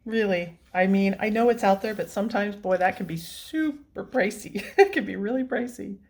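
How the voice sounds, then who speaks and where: A woman hosts her coloring channel in a casual, heartfelt chat. She gushes and laughs often and sounds teary and emotional. Her voice sits at an ordinary middle pitch. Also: moderate pace, darkish tone.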